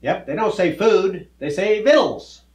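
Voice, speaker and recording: A folksy, good-natured cowboy teacher in a children's comedy skit, his voice fairly high and very lively. He explains patiently and cracks corny jokes, with a roomy echo around him. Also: unhurried. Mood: friendly.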